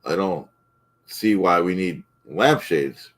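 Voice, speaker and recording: A man's voice: sits low, takes it slowly. A man playing Ray DeVito, a touchy blowhard. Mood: blustering. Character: pompous, touchy middle-aged man cooking eggs live. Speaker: livestream host in character. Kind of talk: improvised character comedy stream.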